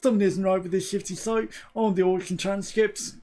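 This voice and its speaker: A man's voice: high voice, steady tone, brisk, warm tone, pitched above the performer's own voice. A man voicing a boastful male president who grumbles about losing an online auction, in a pompous, aggrieved tone. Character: boastful male president reading his own tweet.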